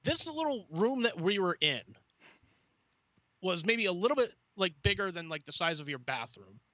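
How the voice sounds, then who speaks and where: Animated, swearing man telling a story. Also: sits high, moderate pace, dry recording, muffled recording. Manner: animated, swearing, acts out quoted voices. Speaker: podcast co-host. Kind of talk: casual storytelling chat.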